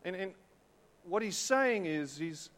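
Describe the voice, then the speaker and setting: A man's voice: sits high, lively intonation, takes it slowly, a bit bright. A man with a South African English accent preaching a sermon, chatting with the congregation and often repeating words. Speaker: pastor. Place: church hall with long reverb. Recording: echoey hall.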